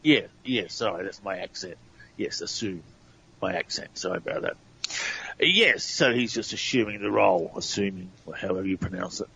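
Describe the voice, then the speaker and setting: A man's voice: low voice, brisk, gravelly, bright, forceful tone, a little hiss or hum. Chatty man on a lo-fi line. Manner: chatty, laughs easily, apologetic. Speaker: guest researcher. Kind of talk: casual radio talk.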